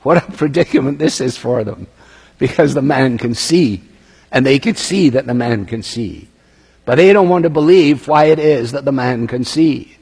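Gravelly, darkish and slightly rough, the man's mid-range voice is animated and moves at a moderate pace. He's preaching expository Bible teaching, reading scripture and discussing it conversationally, with the long reverb of a big hall around him.

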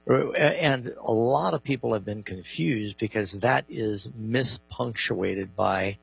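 A man's voice: lowish voice, slow pace, vocal fry, breathy edge, soft background music, low-quality recording. A man co-hosting a call-in radio show on Bible questions, explaining verses and reading scripture with emphasis.

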